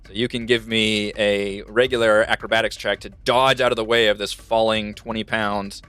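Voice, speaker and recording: A man's voice: lowish voice, flat delivery, normal speed, bright, forceful tone, clear, resonant tone. A man narrating as the dungeon master of an online tabletop game, playful and laughing at his own slips. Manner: laughing, self-correcting, playful. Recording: dry mic with faint music.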